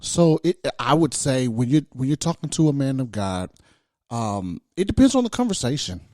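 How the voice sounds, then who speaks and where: A man co-hosting a podcast in relaxed conversation. His voice swings widely in pitch, and he often laughs and restarts his sentences. The sound is dry and close. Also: normal speed, dry recording. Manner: animated, laughs often, repeats words when starting. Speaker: podcast co-host. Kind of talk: casual chat.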